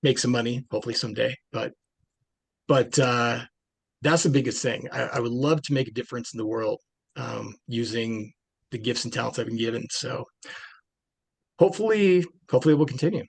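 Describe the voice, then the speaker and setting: A man's voice: medium pitch, fairly quick, vocal fry, slightly rough. Chatty man with many restarts. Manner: rambling, with many restarts and fillers. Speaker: film director guest. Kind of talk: casual interview talk.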